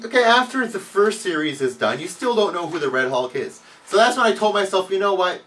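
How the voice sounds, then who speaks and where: A man hosting his own vlog, answering viewer questions in a casual, heavily profane rant that bursts into loud, mocking outcries. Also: distant mic, slight background noise. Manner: swears a lot, mocks with loud high outbursts.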